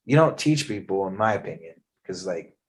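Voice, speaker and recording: A man's voice: deep voice, animated, normal speed. A man in his thirties from Eastern Oregon, hosting a casual interview and telling stories bluntly with lots of swearing. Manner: blunt, heavy swearing, storytelling. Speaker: podcast host.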